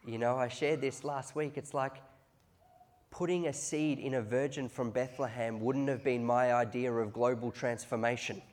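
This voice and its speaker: A man preaching a conversational sermon that rises into loud, excited peaks. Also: medium pitch, normal speed. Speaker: pastor.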